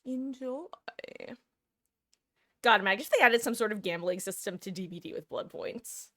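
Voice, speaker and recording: A woman's voice: medium pitch, lively intonation, moderate pace, sharp tone, no echo, studio quality. A woman streaming a game live, chatting casually, answering her chat and laughing often. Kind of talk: casual chat while gaming.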